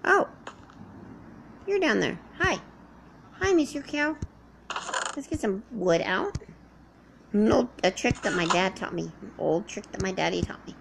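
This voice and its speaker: Chatty woman, lively gravelly voice. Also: mid-range voice, a little slow, pauses often, background noise. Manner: rambling self-talk, chatting to animals. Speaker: game roleplayer. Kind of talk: in-character survival roleplay commentary.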